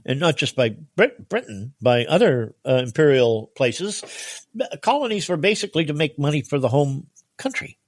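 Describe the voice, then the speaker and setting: A man as guest co-host in a casual history podcast chat, animated and chuckling mid-sentence. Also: on the high side, normal speed, no room sound, studio quality.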